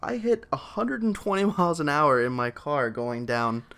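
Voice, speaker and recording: A young man telling a story on a casual vlog, excitable and laughing, with many fillers. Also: a little high, moderate pace. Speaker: co-host telling a birth story.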